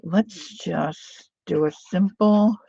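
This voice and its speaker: A woman's voice: fairly low pitch, extremely slow, gravelly, warm tone, slightly rough, no room sound, lo-fi sound. A woman hosting a live crafting stream, chatting casually and thinking aloud while she works, with playful sound-words. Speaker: crafting livestream host.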